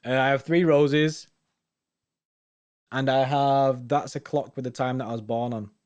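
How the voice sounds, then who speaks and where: A man's voice: medium pitch, steady tone, measured pace, a little mellow. A man co-hosting a football fan show, chatting casually and rambling with slang and restarts. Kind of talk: casual chat reading viewer comments.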